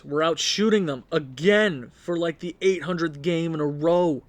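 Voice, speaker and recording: A young man with a slightly high voice speaks a little slowly yet with hardly any pauses, and the recording is dry. He's a gaming video creator casually commentating on his own hockey game late at night at home, exasperated and pleading with his team.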